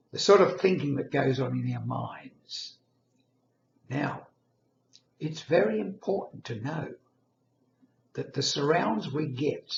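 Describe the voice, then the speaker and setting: A man giving a storytelling talk, animated, shifting pitch and loudness. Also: gravelly, slight background noise. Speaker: speaker. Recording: echoey room, dull lo-fi sound.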